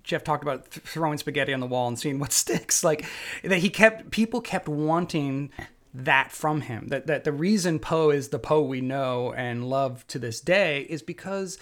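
A man's voice: on the high side, normal speed. A man hosting a casual conversation, talking in a thoughtful, rambling way.

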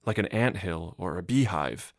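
A man's voice: deep voice, animated, normal speed, no room sound, studio quality. A man narrating a story, voicing a young mother's lines in a strained, raised voice. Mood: explaining. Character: young mother, tense and uneasy.

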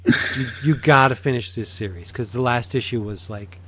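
A man's voice: medium pitch, a bit bright, a little hiss or hum. A man co-hosting a casual podcast, chatting about comics and reading a sponsor plug. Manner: chatty, laughs easily, reads plugs briskly. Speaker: podcast co-host. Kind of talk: casual chat and sponsor read.

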